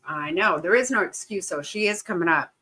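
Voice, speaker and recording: A woman's voice: on the low side, brisk, breathy edge, poor audio. Bubbly woman hosting a livestream. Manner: bubbly, excitable, laughs often. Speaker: livestream host. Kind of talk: casual livestream chat greeting viewers.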